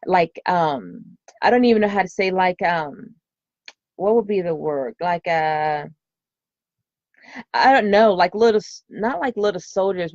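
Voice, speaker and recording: A woman's voice: on the low side, darkish tone, dry recording, highs cut off. A woman hosting a podcast, talking in an earnest, heartfelt way and searching for words with many fillers. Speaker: podcast host and homeschooling mother. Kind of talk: unscripted podcast monologue.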